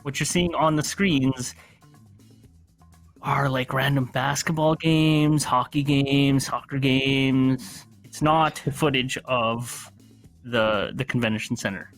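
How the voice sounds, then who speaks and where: A man narrating a tabletop game as game master, halting and full of restarts. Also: medium pitch, fairly even intonation, a bit bright, faint music behind.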